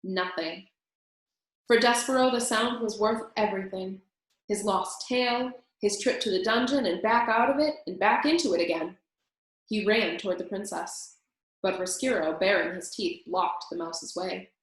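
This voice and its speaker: Woman reading a storybook aloud, expressive, mid-range voice, very echoey room. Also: medium pitch, moderate pace. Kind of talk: reading a children's book aloud.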